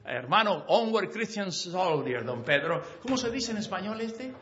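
A man giving church announcements in a halting way with many fillers, telling stories with animation. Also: high voice, sing-song, fairly bright tone, slightly rough, lo-fi sound. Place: church sanctuary.

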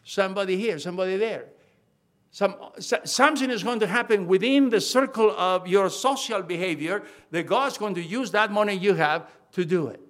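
High-voiced older man preaching emphatically. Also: moderate pace, a bit bright. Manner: emphatic, repeats key phrases, frequent restarts. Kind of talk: sermon.

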